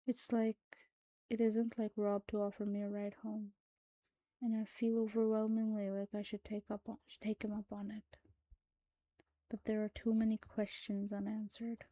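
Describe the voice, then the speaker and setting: A woman reads a horror story aloud in a hushed, soft-spoken voice that slips into whispers. Her delivery is flat and even, with a dark, mellow tone. The recording is dry and close. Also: mid-range voice, normal speed, dry recording, poor audio. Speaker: narrator. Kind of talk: scripted horror story reading.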